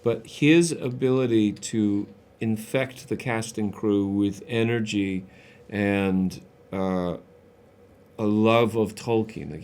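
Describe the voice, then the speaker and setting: A man's voice: lowish voice, darkish tone. Earnest man reflecting in an interview. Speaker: actor in a press interview. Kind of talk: casual press-junket chat.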